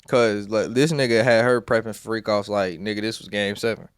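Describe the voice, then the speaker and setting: A man's voice: fairly low pitch, steady tone, brisk, smooth, no echo, clean studio sound. A man podcast hosting, reading out a trial transcript line by line and breaking off into blunt, profane commentary. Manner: reads both sides of an exchange aloud, then breaks into blunt profane asides. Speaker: podcast host.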